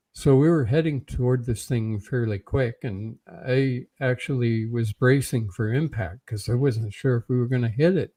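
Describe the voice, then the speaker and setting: Older Canadian man, interview guest, dark mellow tone, hesitant storytelling full of fillers. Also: mid-range voice. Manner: halting, frequent fillers. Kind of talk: recounting a personal story.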